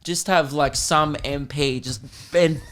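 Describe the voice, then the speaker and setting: Profane Australian comedian ranting. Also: male voice, fairly high pitch, takes it slowly. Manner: animated, profane, laughing often. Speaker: podcast host. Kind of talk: comedic podcast rant.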